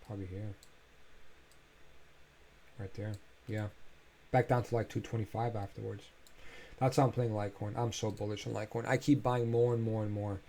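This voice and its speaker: A man's voice: on the low side, steady tone, normal speed, vocal fry, long pauses, warm tone, slight background noise. A man casually talking through crypto price charts on a screen share, loose and chatty, thinking aloud with filler sounds and sounding a bit tired. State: tired, yawning.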